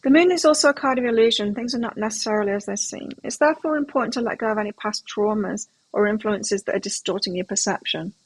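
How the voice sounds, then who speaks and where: A woman's voice: medium pitch, fast, hardly any pauses, low-quality recording. A middle-aged woman hosting a live tarot stream, chatting casually and telling rambling anecdotes between readings.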